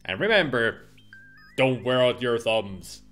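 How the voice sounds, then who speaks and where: Streamer, male, wry joking tone, pitch swinging high and low, desk mic. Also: lively intonation, slow pace, a bit bright, soft background music. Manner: wry, joking asides to viewers. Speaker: let's play streamer. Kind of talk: casual gameplay commentary.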